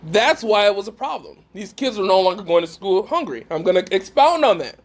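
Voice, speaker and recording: A man's voice: sits high, sing-song, a little fast. A man giving a preaching talk to a live group, emphatic and putting questions straight to his listeners. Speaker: speaker at a faith gathering.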